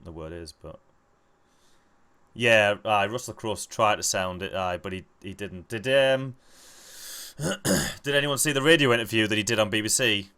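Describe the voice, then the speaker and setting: A young man chatting casually while gaming with friends, swearing freely and rambling through animated stories. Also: lowish voice, moderate pace, pauses often, clean tone. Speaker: gamer playing with friends over voice chat.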